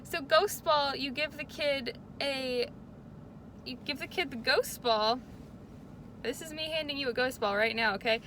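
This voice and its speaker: A woman's voice: sits high, bright, forceful tone, slight background noise. A young woman chatting casually to camera in a vlog, bubbly and gushing, with lots of fillers. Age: young adult. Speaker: vlogger.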